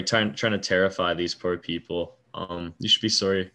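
A tired man co-hosting a casual sports podcast, chatting with dry, deadpan humor. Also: low-pitched, normal speed. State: tired and yawning. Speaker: podcast co-host. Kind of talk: casual chat.

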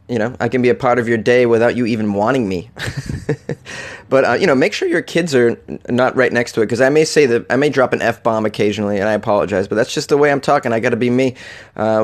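A man hosting a comedic news show, reading odd stories and riffing on them sarcastically, with casual swearing. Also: medium pitch. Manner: sarcastic, swears casually, laughs at his own jokes. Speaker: podcast host.

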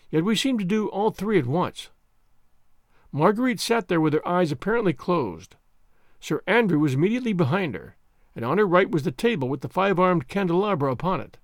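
Male storyteller, lively intonation, fairly high voice, dry close recording. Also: no room sound. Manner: expressive, dramatic reading. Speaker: audiobook narrator. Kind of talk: scripted narration of a classic novel.

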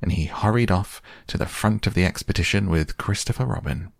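A man narrating a children's story in a soft, slow, calm bedtime reading. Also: low-pitched, creaky, no room sound, clean studio sound. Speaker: podcast narrator.

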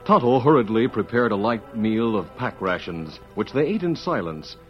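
A male narrator giving measured, dramatic scripted narration for a radio drama. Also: on the low side, animated, faint music behind. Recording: dull old radio recording.

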